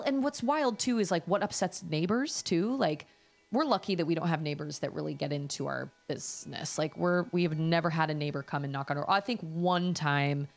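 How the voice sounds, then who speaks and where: A chatty young woman telling a rambling story on a live stream, her voice sitting low. She talks casually, with faint music playing behind her. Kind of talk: casual chat.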